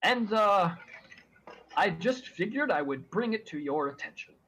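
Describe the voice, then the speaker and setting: A man voicing a pompous, formal talking crow who stammers and speaks with exaggerated politeness, in a husky voice. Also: sits high, animated, unhurried, sharp tone, a little hiss or hum, full character voice, low-quality recording. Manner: stammering, overly polite and long-winded.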